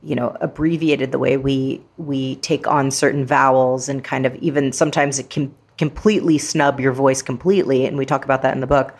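A woman's voice: a bass voice, fairly even intonation, brisk, hardly any pauses. A woman guest, an actress and author, talking in a chatty, playful way with many fillers in a casual interview.

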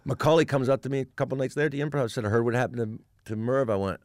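An older man, a stand-up comedian and podcast guest, telling backstage stories in lively chat and slipping into lower, quieter voices for the people he quotes. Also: rapid-fire, few pauses, no echo, clean studio sound. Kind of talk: storytelling anecdotes in podcast chat.

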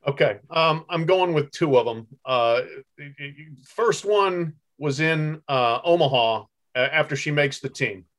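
A man's voice: a little high, animated, unhurried, fairly bright tone. A middle-aged man, a guest sportswriter, chatting easily in an interview, laughing often and telling stories fondly. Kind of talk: casual interview chat.

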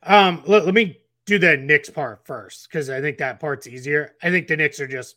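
Male podcast analyst, bright and forward voice, talks in loose rambling restarts. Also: a little high, normal speed, dry recording, studio quality. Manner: rambling, frequent restarts and fillers. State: getting the hiccups. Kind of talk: casual basketball podcast talk.

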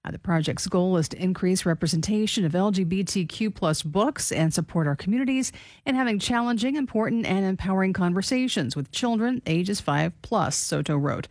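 A woman co-hosting talk radio and reading stories aloud. Her delivery is steady, with a mid-range pitch. Her voice sounds dry and close on the mic. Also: brisk, no room sound. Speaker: radio co-host reading news.

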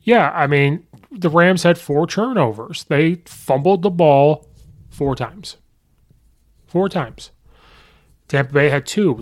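Guy podcast host going on about football, kinda high voice, acts out fan reactions. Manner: rambling, excitable, acts out fans' reactions. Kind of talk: casual sports recap.

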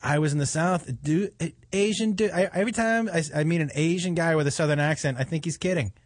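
A man's voice: a little high, a little fast, no echo, clean studio sound. A man hosting a comedy talk show, chatting casually and telling stories with lots of swearing. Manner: profane, animated storytelling. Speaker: host.

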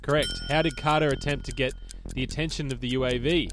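Brisk man running a podcast quiz. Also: mid-range voice, steady tone. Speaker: podcast co-host, quizmaster. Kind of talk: running a trivia quiz, casual chat. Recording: noisy background.

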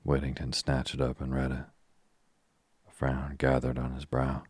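Very deep, husky male sleep-story reader. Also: no room sound. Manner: slow, steady, soothing reading. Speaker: audiobook reader. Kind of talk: calm sleep-story narration.

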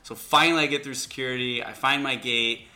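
A man co-hosting a sports podcast, telling stories in an animated, casual way. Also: medium pitch, fairly quick. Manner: animated storyteller. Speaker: podcast co-host.

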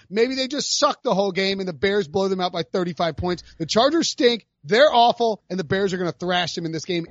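A man co-hosting a sports betting chat, brash and heated, calling picks with loud rising outbursts. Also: sits high, no echo, muffled recording. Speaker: podcast co-host making picks.

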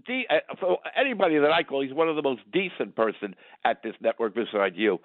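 A man's voice: medium pitch, animated, fairly quick, dry recording. An older man calling in to a radio talk show over the phone, blunt, rambling and indignant. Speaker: caller. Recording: tinny phone line.

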